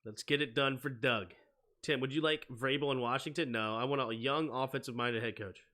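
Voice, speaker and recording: A sports stream host calls live football play-by-play and chats casually, his mid-range voice bright and brisk. He's excitable and climbs to shouting on big plays.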